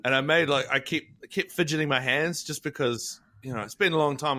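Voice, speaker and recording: A man's voice: a little high, fairly quick, sharp tone. A man hosting a podcast, chatting casually and telling rambling, swear-filled stories. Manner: rambling storyteller, swears freely. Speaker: podcast host.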